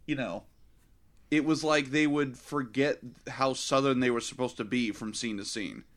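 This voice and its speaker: Male co-host for a film podcast, mid-pitched, quick to pick a movie apart, loose and chatty. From Florida. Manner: animated, critical, lots of filler words. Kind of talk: casual film review chat.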